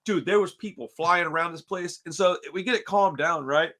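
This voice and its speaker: This podcast host has a high, brisk male voice. He tells a story in loose, foul-mouthed banter, full of energy and throwing "dude" at everyone nonstop.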